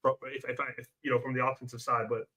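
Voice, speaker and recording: A man's voice: medium pitch, flat delivery, fast, sharp tone, slightly rough. A man co-hosting a football podcast, talking casually and emphatically, often repeating himself. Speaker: podcast co-host. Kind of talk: casual football scouting talk.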